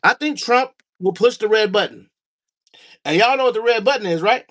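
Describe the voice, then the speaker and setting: Guy live streaming from his basement, kinda high voice, chatty and a bit winded. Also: normal speed. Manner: animated, talks to chat and his dog. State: out of breath. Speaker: livestream host. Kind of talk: casual livestream chat. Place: home basement studio. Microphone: no mic, room sound.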